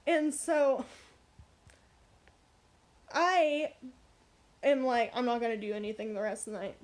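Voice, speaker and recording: Young woman, high voice, animated, blunt, casual storytime vlog. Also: a little slow. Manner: animated, blunt, frequent swearing and asides. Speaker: vlogger.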